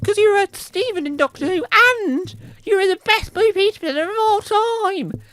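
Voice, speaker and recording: A speaker voicing excited young fans who gush over a presenter and beg for an autograph. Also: normal speed, no room sound. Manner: gushing, high and loud.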